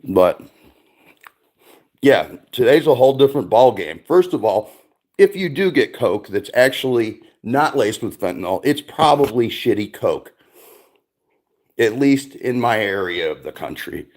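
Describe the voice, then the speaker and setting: A middle-aged man rambles through a livestream chat at a middle pitch, swearing freely and stacking up fillers. He talks to his stream mic in a loose, unscripted way. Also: very animated, measured pace, darkish tone. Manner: profane, rambling storytelling with many fillers. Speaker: streamer host.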